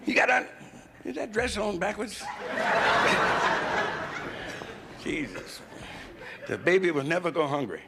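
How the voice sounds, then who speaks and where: A gravelly American man does raunchy stand-up on a nightclub stage, talking to the crowd as if in casual conversation. His delivery swings up and down in pitch. A loud hiss runs under the whole 1970s live tape. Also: huge pitch swings, slow pace, pauses often. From United States. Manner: crude, conversational, working the crowd. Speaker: stand-up comedian. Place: Las Vegas hotel nightclub stage.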